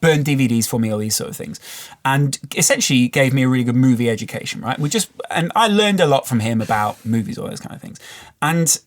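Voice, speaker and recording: A man's voice: medium pitch, animated, fast. A man from the English Midlands, co-hosting a podcast and telling a long rambling story in casual chat. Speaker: podcast co-host. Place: podcast studio.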